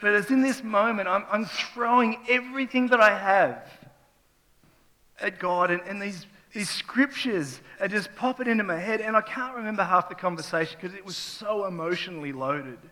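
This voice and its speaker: A middle-aged man preaches from a church stage, his slightly high voice swelling from quiet reflection into raw, impassioned testimony. His words ring out with a long, spacious reverb from the hall around him. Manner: raw, emotional testimony with rising intensity. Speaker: pastor. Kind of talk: sermon.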